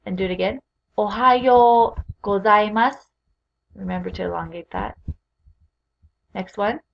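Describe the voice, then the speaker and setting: A woman teaching a recorded beginner language lesson, speaking clearly and patiently as she leads repeat-after-me drills. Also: on the low side, steady tone, brisk, highs cut off. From Utah.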